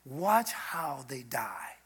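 A man's voice: mid-range voice, very animated, very slow, a bit bright, husky. A man preaching an informal sermon as a guest preacher, in an emphatic, conversational way.

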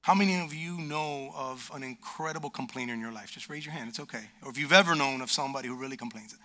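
A man preaching a sermon to a church congregation, animated and lively, acting out the voices of complainers. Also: mid-range voice, fast. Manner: animated, acts out quoted complainers. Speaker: pastor. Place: church sanctuary.

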